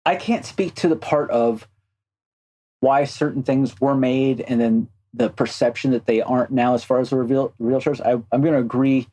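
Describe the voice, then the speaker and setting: A man who works as a game animator, speaking as a podcast guest in a thoughtful, halting way. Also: medium pitch, fairly even intonation, dark tone, rough recording. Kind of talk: casual interview chat.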